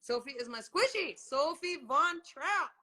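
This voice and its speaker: A woman in her fifties hosting a casual video-call chat, animated and swearing freely. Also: measured pace. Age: 50s. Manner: animated, swears freely, big swings in pitch. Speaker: host.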